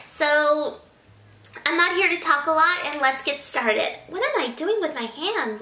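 A woman's voice: high-pitched, animated, unhurried, bright, forceful tone, roomy sound, slight background noise. A young woman chatting to a handheld camera at home in a bubbly, casual vlog style, with small sighs and laughs. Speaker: vlogger. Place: at home, indoors.

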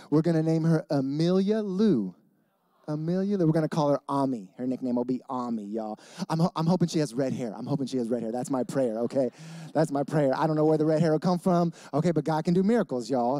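Chatty pastor with a dark voice. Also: male voice, a little high, no room sound, studio quality. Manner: chatty, laughing, with frequent "y'all" and "okay?". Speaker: guest pastor. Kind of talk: casual sermon. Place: church stage.

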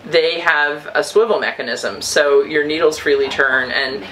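A woman with a notably low voice chats casually as a podcast co-host. She talks in a meandering way, with plenty of ums and restarts. The recording is from a yarn shop. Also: measured pace, fairly bright tone, a little hiss or hum, low-quality recording. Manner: chatty and meandering, frequent um and restarts. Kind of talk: casual chat about knitting.

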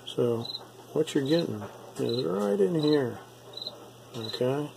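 A man giving a relaxed, step-by-step painting tutorial, repeating himself and checking in with "okay?" often. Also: mid-range voice, slow, vocal fry, noisy background. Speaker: miniature painting instructor.

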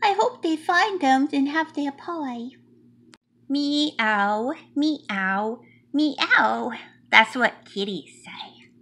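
Very slowly and in an exaggerated, expressive, fairly bright voice that sits high, a woman plays a small, chatty male mouse. As a cheerful storybook reader, she has him read a picture book aloud in a cute, childlike, playful way, grammar broken.

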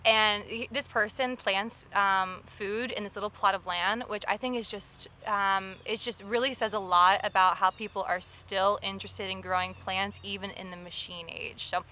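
A woman's voice: medium pitch, fairly even intonation, moderate pace, hardly any pauses, sharp tone. A woman co-hosting a local history talk as the historian, explaining at length in a chatty way and laughing often. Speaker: historian co-host. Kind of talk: casual presentation chat.

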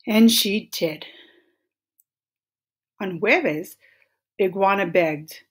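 A woman gently and expressively reading a children's picture book aloud. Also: on the low side, unhurried, slightly rough. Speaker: storyteller. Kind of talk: children's storybook read-aloud.

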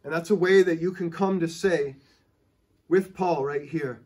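Impassioned husky male preacher. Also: a little high, moderate pace. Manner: impassioned, exhorting, acts out stuttering excitement. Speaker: pastor. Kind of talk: sermon. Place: church.

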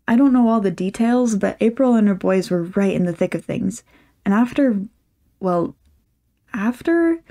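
A woman voicing a bubbly, pushy young woman friend in a storybook reading, excitable and gushing. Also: mid-range voice, vocal fry.

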